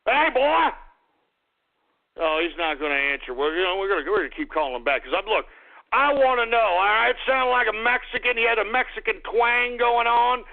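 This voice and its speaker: A man hosting a crude call-in radio show, boisterous and loud, breaking into shouts and whoops. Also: sits high, expressive, a little fast, creaky. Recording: tinny phone-like radio audio.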